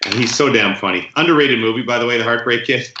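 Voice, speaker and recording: A man's voice: mid-range voice, fast, reverberant, lo-fi sound, noisy background. A man co-hosting a podcast, telling stories in a loose, rambling way with many fillers and restarts. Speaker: podcast co-host. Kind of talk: casual chat.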